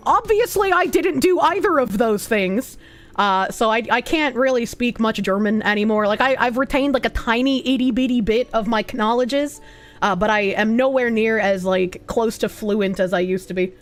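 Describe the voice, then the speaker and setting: A young adult woman with a Boston accent, chatting casually as a streamer, playful and profane, reading out viewer comments. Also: mid-range voice. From United States. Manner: playful and profane, quick asides and laughs.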